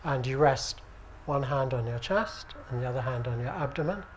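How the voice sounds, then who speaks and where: A British man teaching at an acupuncture conference, speaking in a relaxed, conversational way and often checking with the audience. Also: mid-range voice, normal speed, a little hiss or hum. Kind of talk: conference lecture. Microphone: handheld microphone.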